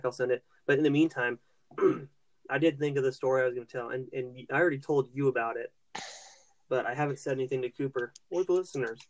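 A young man in a mid-range voice rambles through a profane anecdote. He restarts his sentences often, and his voice climbs as he gets worked up. He talks in a loose, casual podcast style. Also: mid-range voice. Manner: rambling, heavy swearing, frequent restarts. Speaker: podcast host.

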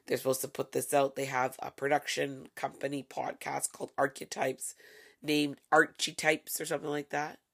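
Gravelly-voiced woman, sarcastic solo podcaster. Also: a bass voice, flat delivery, normal speed, fairly bright tone. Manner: sarcastic, profane, gossipy commentary. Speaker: podcast host. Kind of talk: casual solo podcast chat.

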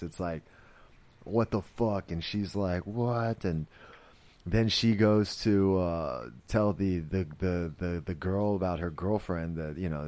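Low-voiced man rambling casually. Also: a little mellow. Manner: rambling, full of "like" and "you know", swears freely. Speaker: podcast host reviewing a series. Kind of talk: casual spoken recap.

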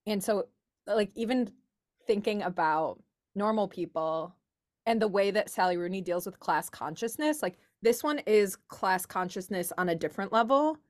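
A woman's voice: medium pitch, moderate pace. Chatty young woman at a book club. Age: young adult. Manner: chatty, many "like" fillers, thinks aloud. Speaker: book club podcast co-host. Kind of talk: casual chat.

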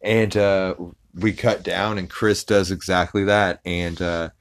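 A man's voice: low voice, fairly even intonation, slow, smooth. A man hosting a podcast, casually recapping an episode in a rambling way full of fillers and restarts. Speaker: podcast host.

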